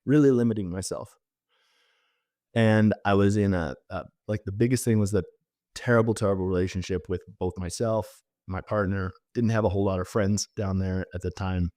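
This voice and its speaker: A man from Canada, a podcast guest vividly telling a personal story in an animated way, full of fillers. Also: low voice, normal speed, no room sound, studio quality.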